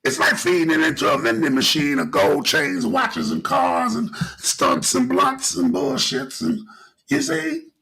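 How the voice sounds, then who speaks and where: A middle-aged podcast host riffs through a casual monologue, animated and preachy, circling back over his points at a measured pace. His high voice is very gravelly and husky with a bright, forceful edge and wide pitch swings. The audio is poor.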